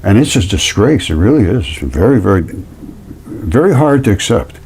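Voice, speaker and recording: A man with a lowish voice, talking at a moderate pace, shows specimens in a casual amateur fossil vlog, with a little hiss or hum in the audio. He tells his story with indignant, animated repetition.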